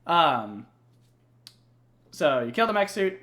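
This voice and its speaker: A man's voice: on the high side, sing-song, slow pace, sharp tone. A young man casually recounting video game lore, rambling and swearing, with plenty of fillers. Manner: rambling, profane, many fillers. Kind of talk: casual chat.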